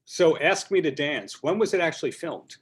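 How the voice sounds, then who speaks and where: A man hosting a podcast over a video call. His pitch moves a lot as he talks, and he asks his questions in a jokey, chatty way. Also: expressive, moderate pace, breathy edge. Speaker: podcast host.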